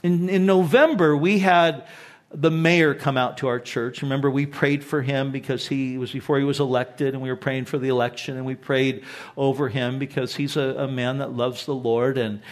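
A man in his sixties, a pastor, preaching a sermon and telling stories with lively swings between excited and hushed delivery. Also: mid-range voice, normal speed. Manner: animated storytelling, drops to hushed emphasis.

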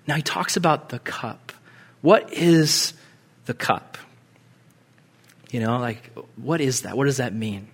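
A man preaching a sermon in a conversational, animated way, acting out quoted lines with big swings in pitch and loudness. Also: slow pace, pauses often, husky. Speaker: pastor.

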